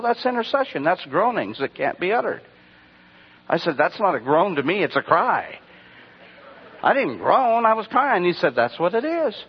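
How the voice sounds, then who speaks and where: Husky preacher man, dull recording. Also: fairly high pitch. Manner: rambling storytelling, rhetorical questions to the congregation. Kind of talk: sermon.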